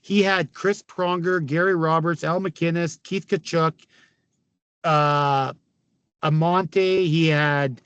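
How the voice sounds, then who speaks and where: A raspy middle-aged man from Canada spins loud, laugh-filled stories as an interview guest. His voice sits high for a man and sounds dry and close. He swears freely. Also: slow pace, no echo, lo-fi sound. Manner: laughing often, swearing, animated anecdotes. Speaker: guest, former hockey player. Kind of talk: casual storytelling interview.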